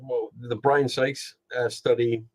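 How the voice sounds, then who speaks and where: A man's voice: mid-range voice, little pitch movement, takes it slowly, no room sound. A man hosting a podcast, chatting casually with many fillers and restarts, with a Philadelphia accent. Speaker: podcast host. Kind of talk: casual chat. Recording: dull lo-fi sound.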